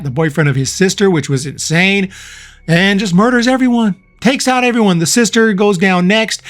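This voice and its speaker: Chatty man reviewing a movie. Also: on the high side. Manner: chatty, frank, many fillers and restarts. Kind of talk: casual spoken film review.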